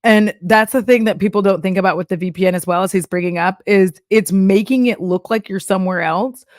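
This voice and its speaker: A young woman from Texas chats casually on her live stream, breaking into laughter and playful put-on voices. Her pitch sits in an ordinary middle range. The sound is dry and close, with no room echo. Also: a little fast. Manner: chatty, laughs often, acts out voices of banks and apps. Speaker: streamer reacting to a video.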